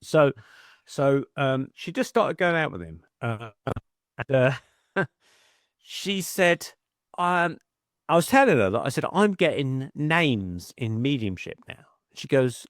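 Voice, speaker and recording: A man's voice: medium pitch, big pitch swings, unhurried, dry recording, clean studio sound. A middle-aged man, a podcast guest telling chatty anecdotes and acting out quoted voices. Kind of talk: casual storytelling.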